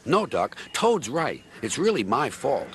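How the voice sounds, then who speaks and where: A man's voice: mid-range voice, big pitch swings, a little slow, fairly bright tone, a little hiss or hum, pitched above the performer's own voice. A man voicing a brave but nervous young steam engine who speaks earnestly. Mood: determined. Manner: apologetic, earnest.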